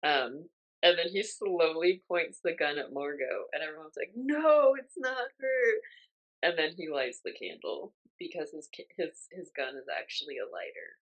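A man chatting loosely about a film he watched. He strings his thoughts together with lots of "like" and "um" and keeps talking without a break. His pitch jumps high whenever he imitates a character. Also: moderate pace, rough recording. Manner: rambling, lots of "like" and "um" fillers; animated, raises pitch when quoting characters. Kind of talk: casual chat recapping a film.

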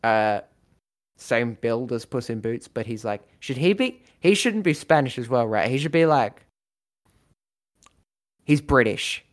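A man in casual chat, rambling through a story idea with lots of fillers and quick acted-out lines. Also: medium pitch, expressive.

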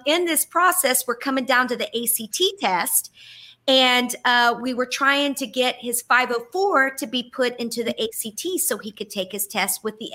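A woman's voice: on the high side, sharp tone. A middle-aged woman co-host telling an earnest, emotional story in casual podcast chat.

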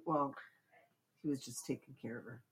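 A woman's voice: very deep voice, normal speed, slightly rough. A woman co-hosting a casual chat, dryly correcting details of a movie recap. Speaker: podcast co-host.

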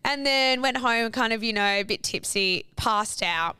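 A woman's voice: on the high side, a little slow, sharp tone, clear, resonant tone, dry recording, clean studio sound. A young woman, co-hosting a podcast and telling a story in casual, chatty fashion, swearing freely and saying "like" a lot. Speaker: podcast co-host. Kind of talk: casual chat.

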